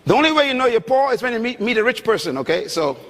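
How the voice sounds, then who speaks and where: High, bright-voiced preacher in a big hall. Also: male voice, very animated, fast talker. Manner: emphatic, dramatic swings between loud and soft. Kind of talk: sermon. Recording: long hall reverb.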